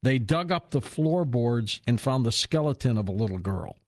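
A male radio host speaks conversationally at a middling pitch. He tells stories and takes calls in an easygoing manner. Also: expressive, moderate pace, darkish tone. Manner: storytelling, conversational. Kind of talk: call-in radio show.

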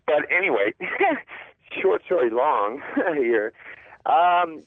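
A man calling in to a radio show, rambling with quick restarts. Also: a little high, sing-song, no echo. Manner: rambling, quick restarts, laughs mid-sentence. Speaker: caller. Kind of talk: phone-in talk. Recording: phone line.

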